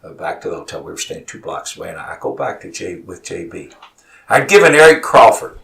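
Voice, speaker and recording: Coach guy telling stories all animated, low voice, repeats himself when excited. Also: a little fast, vocal fry. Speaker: college basketball head coach, studio guest. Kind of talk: emotional storytelling in a studio interview. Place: radio studio. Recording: voice sounds far from the mic.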